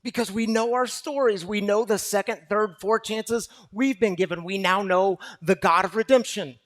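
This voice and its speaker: A pastor with a high voice preaches to a recovery gathering at a normal pace. His sermon is impassioned and repetitive, swinging between loud and hushed.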